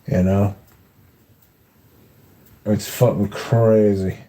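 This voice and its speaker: Male streamer, mellow, rambling, sweary casual chat. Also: lowish voice, flat delivery, drawn-out words. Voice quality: swears freely, rambling anecdotes. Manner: chatty, repeats filler words. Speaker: livestream host.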